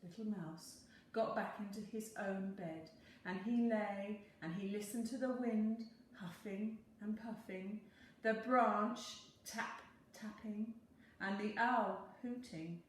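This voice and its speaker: A woman teacher reading a picture book aloud in a slow, expressive storytelling voice. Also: medium pitch. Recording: very echoey room, faint hum.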